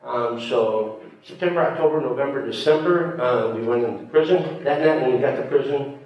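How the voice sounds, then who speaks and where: A man's voice: mid-range voice, moderate pace, lo-fi sound. A man in his sixties from the United States, telling an audience about being held hostage, in a conversational way with fillers and wry humor. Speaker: speaker recounting his time as a hostage. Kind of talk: storytelling speech to an audience. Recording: echoey hall from far off, faint noise.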